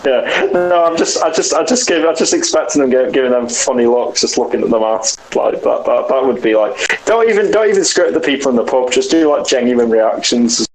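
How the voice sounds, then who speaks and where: Man, British, mid pitch, enthusiastic, casual podcast chat, slight background noise. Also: lively intonation, reverberant, poor audio. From United Kingdom. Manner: enthusiastic, quick to laugh. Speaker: podcast co-host.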